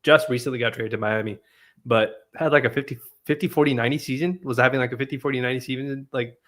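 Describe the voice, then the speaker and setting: This podcast co-host is a man with a medium-pitched, steady, slightly bright voice who talks fast. On a casual sports livestream, he laughs a lot while loosely recalling past events.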